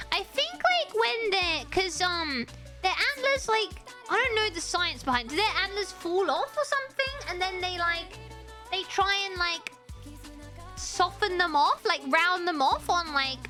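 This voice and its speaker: A woman streaming to her chat and telling an animated travel story, often breaking into giggles and restarting sentences. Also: extremely high pitch.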